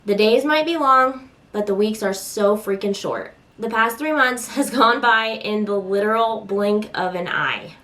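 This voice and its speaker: A young woman vlogging as a mom, chatting casually and venting with exasperation, popping into high squeals when she acts out voices. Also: unhurried, few pauses, fairly bright tone.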